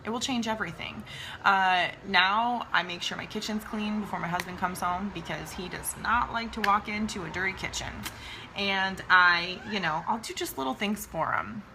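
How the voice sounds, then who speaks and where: Gravelly, bright-voiced woman giving pep talk. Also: mid-range voice, moderate pace, slight background noise. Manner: chatty and emphatic, addresses listeners as "you guys". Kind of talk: motivational talk to followers.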